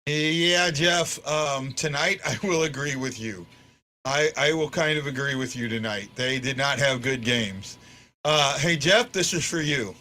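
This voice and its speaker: A man hosting a fan post-game show in casual chat, stammering and restarting his words and swinging from stunned to excited. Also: medium pitch, measured pace.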